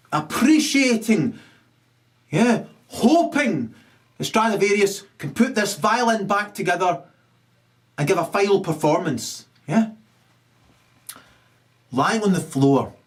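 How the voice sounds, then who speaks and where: A man improvising a profane story, rambling with many ums and restarts. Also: sits high.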